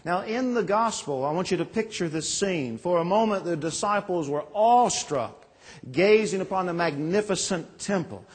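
Man in his forties, pastor, folksy sermon storytelling, slightly husky, long church reverb. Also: high voice, expressive, moderate pace. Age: 40s. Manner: folksy, self-deprecating storytelling. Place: large church sanctuary.

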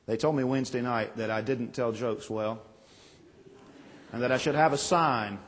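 A man's voice: mid-range voice, normal speed, breathy edge. A pastor in his forties preaching a sermon, reading scripture and telling folksy stories with self-deprecating jokes. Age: 40s. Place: church sanctuary. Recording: long echo of a large church.

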